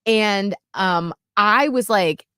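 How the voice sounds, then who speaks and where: A woman co-hosting a radio show, telling a story in lively casual chat. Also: medium pitch, extremely slow, clean tone, no room sound, clean studio sound. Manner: animated storytelling, acts out quotes.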